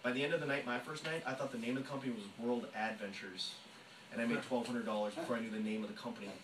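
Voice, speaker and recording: A man giving an energetic sales training talk to a room, fast and emphatic, often acting out phone calls. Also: mid-range voice, noisy background. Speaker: network marketing trainer. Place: meeting room with audience. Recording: echoey room, voice from a distance.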